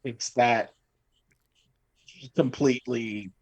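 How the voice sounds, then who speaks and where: A man guesting on a comedy podcast as a comedy writer, deadpan with blunt one-liners. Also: mid-range voice, extremely slow. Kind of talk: casual comedy podcast chat.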